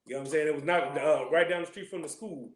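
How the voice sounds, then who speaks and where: A man's voice: on the high side, fast talker. A man teaching a casual scripture class, joking in loose streetwise slang and constantly checking in with his listeners. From California. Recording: echoey room.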